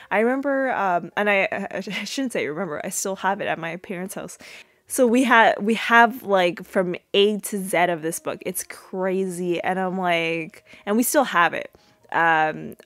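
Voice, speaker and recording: A woman's voice: mid-range voice, no echo. A young woman hosting a podcast who recaps a TV episode in a casual, rambling way, full of fillers and asides. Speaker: podcast host.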